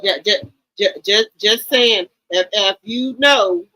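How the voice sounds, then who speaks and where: A woman's voice: medium pitch, slow pace, sharp tone, no echo, poor audio. A woman in her fifties giving blunt, emphatic livestream commentary and often repeating her words. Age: 50s. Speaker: livestream host.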